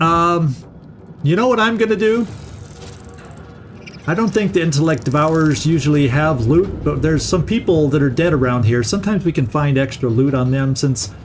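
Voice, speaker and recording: A middle-aged man hosting a let's-play, chatting casually and thinking aloud as he plays, often restarting words. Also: a little high. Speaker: gaming channel host.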